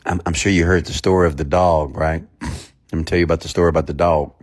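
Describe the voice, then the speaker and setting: Emphatic low-voiced motivational preacher. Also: male voice, steady tone, quick pace. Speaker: motivational speaker. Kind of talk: motivational sermon.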